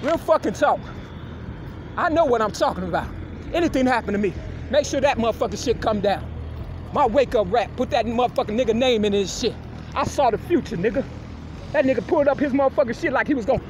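A high-pitched woman shouts a loud, confrontational, profane rant. She repeats her taunts over and over. The recording is made outdoors, with traffic and car noise clearly audible behind her. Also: fast. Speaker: vlogger. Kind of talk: angry street rant.

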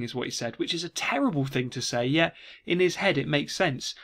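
A man, a teacher giving a casual revision lesson and reading quoted lines with lively emphasis. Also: a little high, a little fast. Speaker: English teacher.

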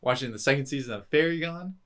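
A man's voice: medium pitch, fast, a bit bright. A man co-hosting a casual podcast, talking in rambling bursts with frequent restarts and laughter. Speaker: podcast co-host. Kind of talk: casual chat.

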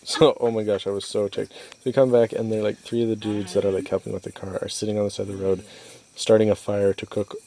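At night, a young man vlogs from inside a stalled vehicle by a rural road, telling his travel story as a casual video diary. He sounds chatty and exasperated, full of "like" and acted-out quotes. His voice is on the low side, level, fast, and mellow.

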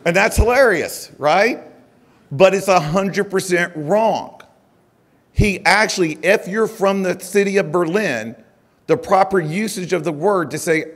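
A man giving a conference keynote, chatty and animated, loading his talk with "uh" and "it's like" fillers and leaning into mock-outraged emphasis. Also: high-pitched, unhurried. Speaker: keynote speaker. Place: conference stage.

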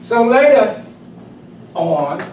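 A man, giving a humorous personal storytelling speech at a club meeting in a lively, emphatic way. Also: high-pitched, drawn-out words. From South Carolina, US. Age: 60s. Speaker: club speaker. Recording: echoey room, distant mic, background noise.

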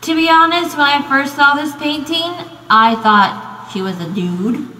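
A young adult American woman, a student, narrates a casual video essay in a high, bright voice with a forceful tone, unhurried in her delivery. She rambles, leaning heavily on fillers like "um" and "you know," and the echoey space adds long reverb.

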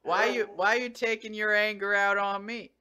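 A man's voice: high voice, flat delivery, moderate pace, very noisy. A man vlogging casually, short on sleep, talking to his dog in an exasperated, swearing, mock-scolding way.

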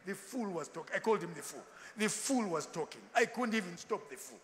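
Animated high-voiced preacher. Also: male voice, a little fast. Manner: animated, switching into Ndebele asides and acted quotes. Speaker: pastor. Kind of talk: sermon. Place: large church hall. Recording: echoey church hall.

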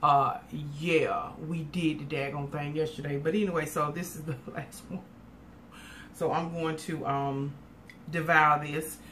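A woman's voice: deep voice, steady tone, a little slow, a bit bright, a little hiss or hum. A woman, chatting casually with viewers in a folksy cooking and eating vlog from her home kitchen. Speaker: cooking vlogger.

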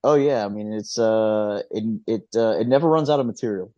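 A man's voice: fairly low pitch, a little fast, mellow, no echo. A man in his thirties co-hosting a podcast in loose casual chat, stammering through restarts and laughing as he goes. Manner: laid-back, stammering restarts, swearing and laughing. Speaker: podcast co-host. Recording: dull lo-fi podcast audio.

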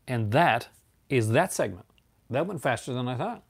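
A man's voice: medium pitch, lively intonation, unhurried, creaky, a little hiss or hum. A man hosting a casual, rambling chat about his movie collection, laughing often.

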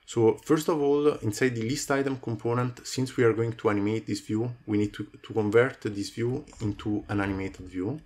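Man with a low voice explaining code. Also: fairly even intonation, moderate pace, hardly any pauses, a little mellow. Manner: talks through code with many fillers. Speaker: coding tutorial host. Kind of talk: screen-recorded coding tutorial.

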